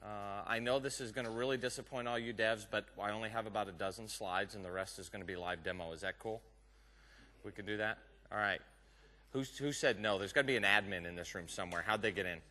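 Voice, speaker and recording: Texas guy w/ southern drawl presenting to a room full of devs, bright punchy voice, jokey. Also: lowish voice, fast talker. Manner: joking, chatty, teases the audience. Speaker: conference speaker. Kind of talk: live technical conference talk. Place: conference room with a live audience.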